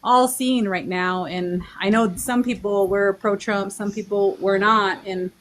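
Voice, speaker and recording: Woman, 40, from the Navajo Nation, earnest podcast guest, mid-pitched with halting restarts. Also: fairly even intonation, a bit bright. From Navajo Nation, Arizona. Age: 40s. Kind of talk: casual chat.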